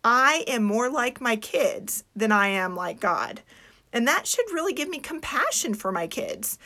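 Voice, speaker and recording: A woman's voice: fairly high pitch, fairly bright tone. Earnest woman giving a devotional talk. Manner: earnest, reflective, slows for emphasis. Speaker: Christian homeschooling speaker.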